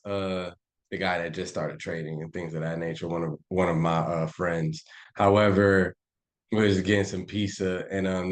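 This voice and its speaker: A man on a live stream breaking down trading charts in a loose, slangy, profane and animated way. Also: fairly low pitch. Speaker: trading educator.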